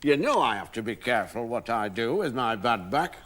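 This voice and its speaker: Lazy grumbling husband, lively pitch. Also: male voice, a little fast. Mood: complaining. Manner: complaining.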